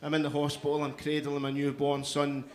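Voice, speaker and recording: A man's voice: on the high side, monotone, brisk, slight background noise. Brash Glaswegian man doing stand-up. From Scotland. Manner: loud, punchy crowd work with frequent "you know what I mean". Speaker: stand-up comedian. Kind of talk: stand-up comedy set. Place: comedy club stage.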